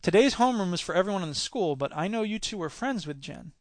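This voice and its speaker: A man voicing a calm female teacher in a story he reads aloud, quiet and measured. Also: sits high, no room sound, clean studio sound. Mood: solemn.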